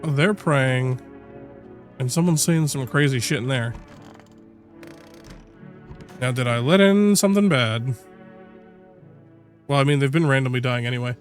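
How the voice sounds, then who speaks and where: A man's voice: mid-range voice, unhurried, pauses often, faint music behind. A young man streaming a game, reading its lines and reacting in a casual, wry way and swearing freely. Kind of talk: gameplay commentary.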